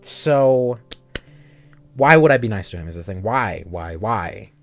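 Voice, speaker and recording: A young man live-streaming a game, bantering loosely with his chat and cursing offhand. His pitch bounces around a lot as he jokes. Soft guitar music plays faintly behind him. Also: lively intonation, measured pace, no room sound. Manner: joking, swears casually, banters with chat. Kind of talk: casual live-stream chat while playing a story game.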